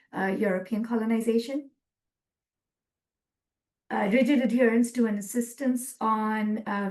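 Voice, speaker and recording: A woman presenting a webinar lecture from slides, earnest and measured, with frequent ums. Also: medium pitch, darkish tone.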